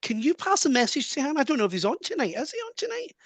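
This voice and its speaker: A Scottish man working as a medium, giving an earnest live reading over a video call with quick asides and laughs. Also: extremely high pitch, huge pitch swings, vocal fry, dry recording. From Scotland.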